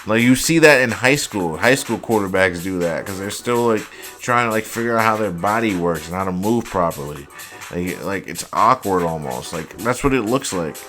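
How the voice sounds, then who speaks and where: A young man hosting a casual football highlights reaction, exasperated and profane, saying "like" constantly. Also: animated, normal speed, fairly bright tone, faint music behind. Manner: exasperated, profane, heavy use of "like". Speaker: host.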